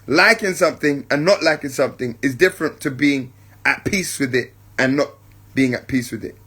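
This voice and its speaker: A man's voice: mid-range voice, fairly bright tone, slightly rough. A man hosting a spiritual podcast, talking reflectively and checking in with his listeners, whom he calls family. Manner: keeps checking in with listeners, addresses them as family; unhurried, repeats points for emphasis. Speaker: podcast host.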